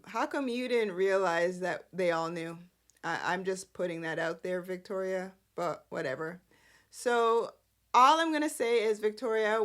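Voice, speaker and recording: A woman hosting a casual recap show, chatty, sassy and exasperated. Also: medium pitch. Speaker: host.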